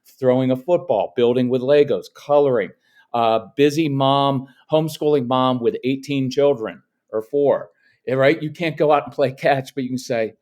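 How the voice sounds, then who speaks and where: A middle-aged man, a parenting coach talking as a podcast guest, firm and even, acting out little quotes of parents and kids. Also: medium pitch, normal speed. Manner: firm, matter-of-fact, acts out quotes. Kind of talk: podcast interview.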